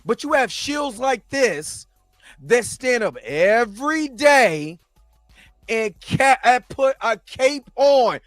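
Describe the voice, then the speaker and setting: Brief: male reaction host, high voice, dry close sound, impassioned ranting delivery with stumbles and restarts. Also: sing-song, slow pace, a bit bright, dry recording, soft background music. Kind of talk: heated reaction commentary.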